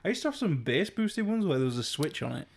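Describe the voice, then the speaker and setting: A young man from England co-hosting a podcast, easygoing and quick to laugh as he tells stories. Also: sits high, very animated, gravelly. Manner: laughs often, easygoing, trails off. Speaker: podcast co-host. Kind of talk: casual chat.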